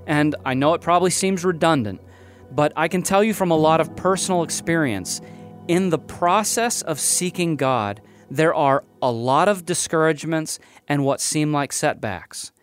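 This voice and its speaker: A man hosting a faith show, giving a sincere scripted narration at a brisk clip. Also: on the high side, lively intonation, soft background music. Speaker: show host.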